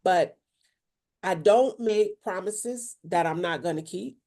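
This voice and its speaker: A woman's voice: fairly low pitch, slow, dark tone. A woman preacher co-hosting a casual faith podcast, speaking firmly and with authority. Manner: firm, assertive, speaks with authority. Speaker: preacher, co-host.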